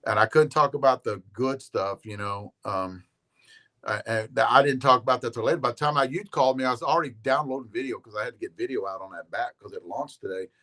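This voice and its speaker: A man talking in easygoing, rambling chat as a regular guest on a live stream. His pitch sits right in the middle of the range for men. He drifts from point to point, restarts his sentences and drops in casual curses. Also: quick pace, bright, forceful tone. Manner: rambling, laid-back, swears casually, repeats words.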